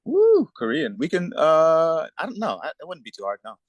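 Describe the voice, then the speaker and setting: A man's voice: on the high side, wildly swooping pitch, normal speed, dry recording, highs cut off. A man answering questions on a video call in an easygoing, polite manner. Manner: easygoing, polite, says "yes, ma'am".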